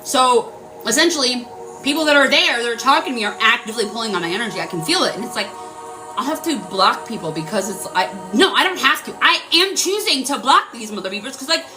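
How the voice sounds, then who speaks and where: A young woman talking casually to her viewers, animated and full of filler words, swearing freely. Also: sits high, fast talker, music in the background. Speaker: energy healing vlogger.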